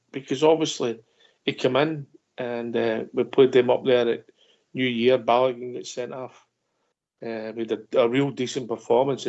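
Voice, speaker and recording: A man hosts a football phone-in in casual chat. He talks in a measured, hesitant way with a gravelly voice. His voice sits in a middle range, and the audio is dull and lo-fi. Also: mid-range voice, darkish tone. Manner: measured, hesitant, fills with "uh" and "mate". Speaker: host.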